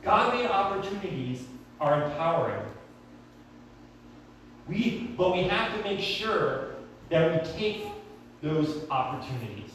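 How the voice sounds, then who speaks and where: Young guy preaching, high-ish voice, really echoey church, mic far away. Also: a little slow, long pauses, slight background noise. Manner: conversational, animated storytelling. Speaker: pastor. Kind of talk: sermon. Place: church sanctuary.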